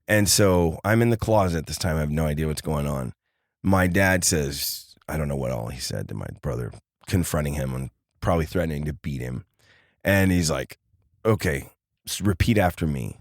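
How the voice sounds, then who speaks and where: A deep-voiced man, a guest on a podcast, tells a casual story at normal speed, animatedly acting out the voices he quotes. The recording is dry and of studio quality.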